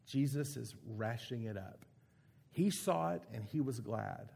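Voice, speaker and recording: A man preaching an earnest, emphatic sermon with dramatic pauses. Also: medium pitch, lively intonation, vocal fry, a little mellow, breathy edge. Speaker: pastor.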